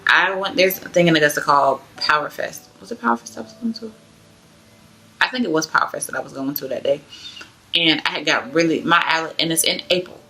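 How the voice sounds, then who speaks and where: A woman's voice: sits low, fairly quick, creaky, bright, forceful tone. A young woman from Georgia, telling her personal testimony in a chatty, loose way full of fillers. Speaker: vlogger sharing her testimony. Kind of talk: casual personal storytelling.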